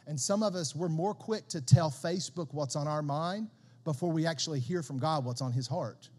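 A man preaching a sermon as a pastor, conversational and animated, often repeating words as he builds a point. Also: on the high side, normal speed, long reverb tail.

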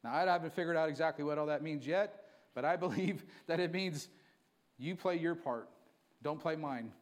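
A man preaching a sermon to his church, moving from quiet storytelling to fervent, emphatic preaching. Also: a little high. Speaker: pastor.

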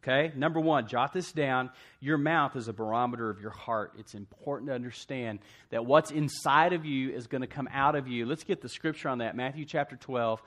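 A man preaching a sermon to a church congregation, asking "amen?" and swinging from hushed asides to loud emphasis. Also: mid-range voice, fairly quick, few pauses. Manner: call-and-response preaching, asks congregation "amen?". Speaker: pastor.

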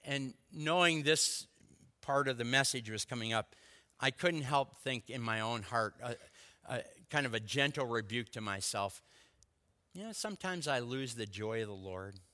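A man delivers a sermon, his bright and pointed tone carrying long reverb through a large church hall. He tells stories with lively swings from loud declarations to quiet, intimate asides. His pitch sits in an ordinary middle range. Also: normal speed. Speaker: pastor.

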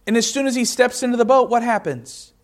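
A man's voice: very high voice, brisk. A man preaching a sermon, reading scripture aloud and explaining it with rhetorical questions.

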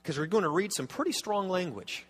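A man's voice: high voice, expressive, fairly quick, fairly bright tone, breathy edge, big-room sound. A man preaching a sermon as a pastor, earnest and emphatic, often restarting and repeating words.

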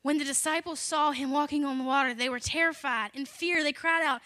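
Young woman pastor, high bright voice, animated preaching, big loud jumps when she quotes people. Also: fairly quick, hardly any pauses, no room sound. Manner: animated, acts out quotes with sudden loud rises. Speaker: children's pastor. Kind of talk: prayer and sermon with scripture reading.

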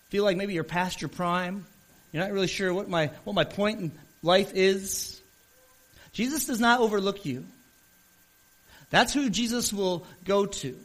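A man with a rather high voice preaches a sermon to his congregation. He talks earnestly, telling a story, speeding up and slowing down and swelling in loudness as he makes his point. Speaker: pastor.

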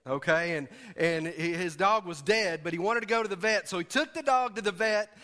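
Folksy pastor man, bright high voice. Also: moderate pace. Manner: folksy, joking, leads call-and-response. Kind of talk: sermon. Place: church sanctuary. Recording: echoey church hall.

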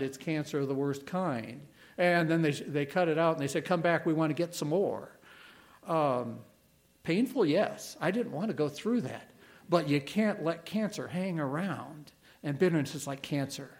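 A middle-aged man preaching a sermon as a pastor, earnest and emphatic, pausing and repeating key words. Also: on the high side, a little mellow.

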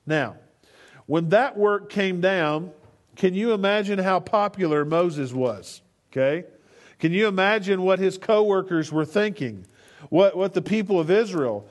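High-voiced male pastor preaching. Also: unhurried. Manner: conversational, acts out scripture characters in casual paraphrase. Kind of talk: sermon.

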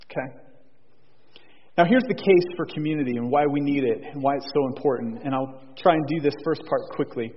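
Preaching man in an echoing church. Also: fairly high pitch. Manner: earnest, repeats key phrases, frequent restarts. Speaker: pastor. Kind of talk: sermon. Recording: husky voice in a long church reverb, dull lo-fi sound.

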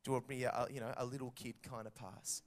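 A man in his thirties with an Australian accent, preaching a sermon and telling stories with lively acted-out quotes. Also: medium pitch, normal speed. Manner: animated storytelling with acted-out quotes. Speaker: pastor.

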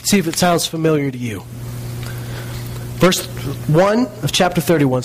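A male preacher giving a sermon, reading scripture aloud and stressing key words with slow, dramatic pauses. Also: a little high, expressive, a little hiss or hum, rough recording.

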